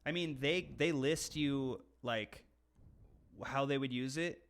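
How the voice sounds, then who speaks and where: A man's voice: mid-range voice, takes it slowly. Young American man, podcast co-host. Crude, joking, casual delivery. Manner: crude, joking, reads slang lists aloud. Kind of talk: casual chat.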